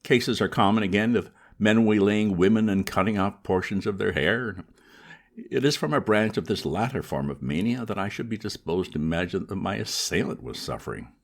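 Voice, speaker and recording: A man reading aloud, voicing a pompous, indignant older gentleman in a formal, lofty manner. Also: on the low side, expressive, moderate pace, pitched above the performer's own voice.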